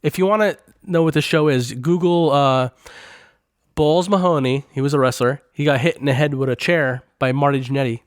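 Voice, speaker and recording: A man's voice: fairly high pitch, fairly even intonation, normal speed, no echo, studio quality. A man guesting on a podcast, telling rambling, profane stories in casual chat and laughing often.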